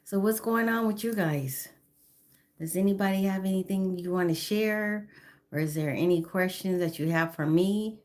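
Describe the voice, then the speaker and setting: A woman's voice: mid-range voice, normal speed, darkish tone. A woman in her fifties chatting on a phone live stream, greeting viewers by name and apologizing now and then. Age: 50s. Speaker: livestreamer.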